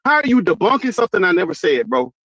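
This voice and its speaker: A man's voice: high voice, very animated, fast talker, fairly bright tone, husky, no room sound, lo-fi sound. A man arguing heatedly on a live stream, combative and profane, throwing in "bro" constantly. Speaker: debate panelist.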